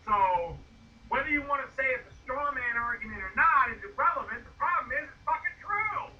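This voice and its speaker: A man ranting loudly and profanely, mocking his opponent. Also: extremely high pitch, lively intonation, fairly quick, far from the mic, lo-fi sound. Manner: loud, profane, mocking rants. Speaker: video creator being rebutted. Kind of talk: ranting commentary.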